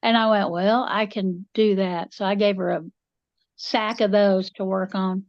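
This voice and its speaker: Telling folksy family stories on a podcast she co-hosts, a woman drawls through casual chat and acts out voices in her anecdotes. She has a medium-pitched voice with a steady tone and a slightly slow pace. The audio has no echo and a lo-fi quality.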